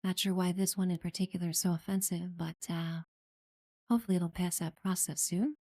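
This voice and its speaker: Woman streamer chatting while she plays, low mellow voice, dry sound, thanks every follow. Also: fairly even intonation, a little fast, dry recording. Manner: friendly, thanks followers warmly, many fillers. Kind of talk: casual live gameplay chat.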